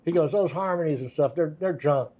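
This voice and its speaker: An older man with a slightly high voice tells loose, rambling stories as a guest in a casual interview. He laughs often and slips into the voices of the people he is quoting. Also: fairly quick, warm tone. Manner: laughing, acts out quoted voices in anecdotes. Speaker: guest guitarist.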